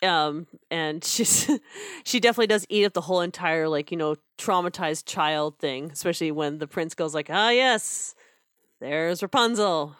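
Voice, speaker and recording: A woman's voice: low-pitched, moderate pace, a bit bright, clean tone, no room sound, studio quality. A woman co-hosting a casual podcast chat, chatty, with frequent laughs and restarts. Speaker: podcast co-host reviewing theater.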